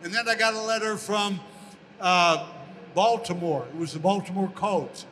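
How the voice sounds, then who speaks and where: A man's voice: high-pitched, normal speed, big-room sound, slight background noise. An older American man, a former pro football player, telling stories as an interview guest and acting out the voices he quotes. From United States. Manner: animated storyteller, acts out quoted voices. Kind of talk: storytelling in a casual interview.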